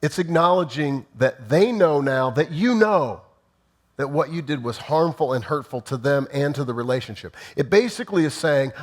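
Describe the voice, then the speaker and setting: A man's voice: on the high side, animated, moderate pace. A man preaching a sermon, teaching in numbered points and briefly acting out sample apologies. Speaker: pastor.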